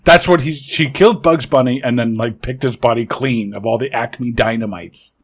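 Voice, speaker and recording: A man's voice: medium pitch, normal speed, husky. A man from Canada co-hosting a movie podcast, questioning plot holes in casual, incredulous chat. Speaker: podcast co-host.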